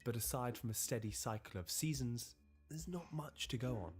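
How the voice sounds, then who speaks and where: A man giving measured, storytelling documentary narration. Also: mid-range voice, faint music behind.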